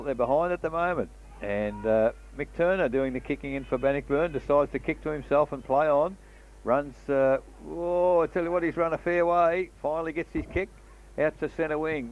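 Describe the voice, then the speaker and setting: A man's voice: fairly high pitch, fairly even intonation, normal speed. A man with an Australian accent calling a local football match, talking casually and filling gaps with "uh" between plays. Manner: conversational, slips in fillers between play calls. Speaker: football commentator. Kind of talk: local radio football commentary. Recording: dull lo-fi broadcast audio.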